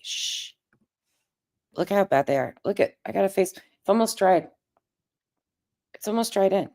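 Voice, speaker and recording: A woman live-streaming in a casual, chatty way, greeting viewers by name, with a raspy voice. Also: mid-range voice, expressive, moderate pace, long pauses, a little mellow.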